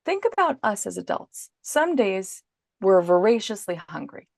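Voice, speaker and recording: A woman guest on a podcast, calmly and patiently explaining parenting advice in an instructive way. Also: mid-range voice, unhurried, creaky, no room sound, studio quality.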